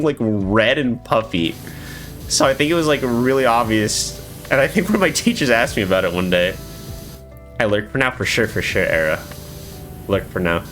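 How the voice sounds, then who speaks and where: A man's voice: medium pitch, fairly bright tone. A man streaming live, chatting casually with viewers in a rambling, swearing way with lots of filler words.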